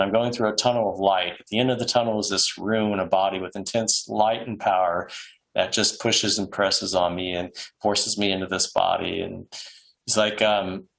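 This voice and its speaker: A man's voice: on the low side, fairly bright tone, rough recording. A man casually reading quoted accounts aloud, with frequent ums and restarts. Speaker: presenter reading case accounts.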